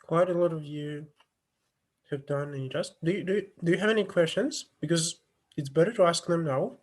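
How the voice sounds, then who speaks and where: A man giving an online lecture over a video call, explaining on a shared screen with many fillers and restarts. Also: fairly high pitch. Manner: halting, many fillers and restarts, non-native phrasing.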